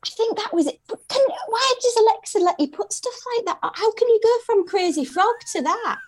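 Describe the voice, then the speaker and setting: A woman's voice: very high-pitched, expressive, fairly quick. A woman comedian chatting as a podcast guest, telling rambling anecdotes with many restarts. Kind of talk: casual podcast chat.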